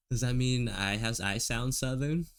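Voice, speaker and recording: A man's voice: medium pitch, clean tone. An American man streaming while he draws, chatting casually with his viewers and laughing often. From United States. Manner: relaxed, laughs often, talks to chat. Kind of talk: casual chat while drawing.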